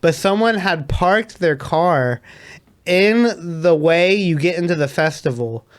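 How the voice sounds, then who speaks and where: A man, a DJ, telling a story in a casual, animated way and laughing often. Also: a little high, slow, smooth. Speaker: DJ guest.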